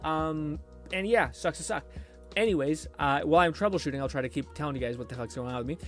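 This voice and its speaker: A man's voice: fairly high pitch, fast, a bit bright, soft background music. A man live streaming from his home computer, chatting casually with viewers and rambling and swearing while he troubleshoots his PC.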